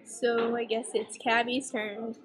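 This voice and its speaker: A young woman vlogging, telling a story in a chatty, animated way and acting out the voices she quotes. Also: fairly high pitch, slow, a little hiss or hum. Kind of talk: casual storytelling.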